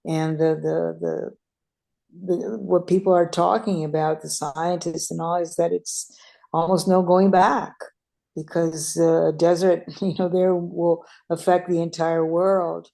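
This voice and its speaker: A woman's voice: on the low side, little pitch movement, measured pace, vocal fry, mellow. A woman from Brazil speaking in an online meeting, tired and hesitant, with many restarts. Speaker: meeting participant. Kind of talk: casual online meeting talk. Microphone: video call.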